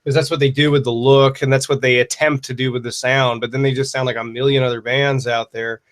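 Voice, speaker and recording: Man, livestream host, casual chat, rambling, swears a lot, mid-pitched voice. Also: flat delivery, brisk. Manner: rambling, profane, wry. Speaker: livestream host answering viewer questions.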